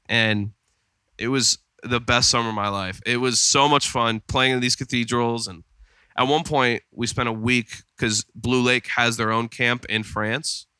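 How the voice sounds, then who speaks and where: A man's voice: mid-range voice, sharp tone, clear, resonant tone, dry recording. A man co-hosting a podcast in casual chat, rambling through stories with lots of fillers. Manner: rambling storyteller with many fillers. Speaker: podcast co-host. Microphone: studio podcast mic.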